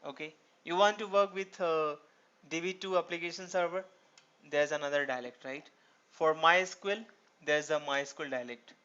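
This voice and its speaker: A man with a slightly high voice that is bright, forceful, clear, and resonant teaches programming at a moderate pace. The screen-recorded tutorial lecture, heard on a dull lo-fi recording, moves step by step with rhetorical questions he puts to himself.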